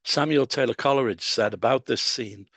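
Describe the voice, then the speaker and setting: A man giving a public lecture, explaining in a measured way with pauses and fillers. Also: medium pitch, vocal fry, a bit bright, dry recording.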